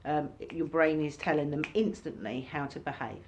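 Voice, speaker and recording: Chatty woman teaching, low-pitched voice. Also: normal speed, a little mellow, a little hiss or hum. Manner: chatty, acts out reactions in sudden high bursts. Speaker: workshop teacher. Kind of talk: informal recorded lesson.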